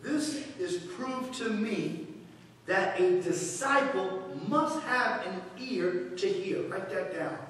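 A fervent male pastor preaching a sermon with a very high voice. He is captured from a distance, with his words ringing through a long, echoing hall. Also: expressive, takes it slowly, a bit bright. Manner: fervent preaching with call-and-response. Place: church sanctuary. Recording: echoey hall from far off.

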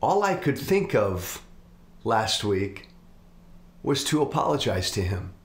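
Middle-aged male host, earnest confessional monologue, unhurried delivery, roomy echo. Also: on the low side, sing-song. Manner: earnest, confessional, slow and deliberate. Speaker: political commentator, host. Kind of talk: reflective monologue.

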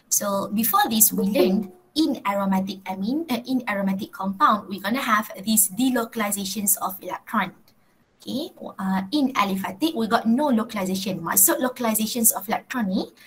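Malaysian woman teaching chemistry, breathy. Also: a little high, poor audio. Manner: mixes Malay and English, checks in with students often. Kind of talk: live online class lecture.

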